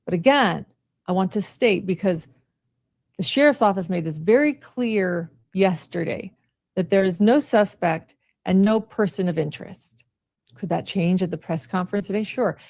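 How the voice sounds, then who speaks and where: A woman's voice: medium pitch, normal speed, creaky, a little mellow, no echo. A woman reporter giving a firm, emphatic live stream update on a criminal case. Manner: firm and emphatic, repeats the key point. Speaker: crime reporter. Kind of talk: live stream news commentary.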